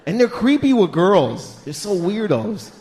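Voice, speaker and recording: A man in his thirties doing stand-up comedy on a club stage, animated and exasperated, breaking into loud impressions. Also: high-pitched, unhurried, in a large hall.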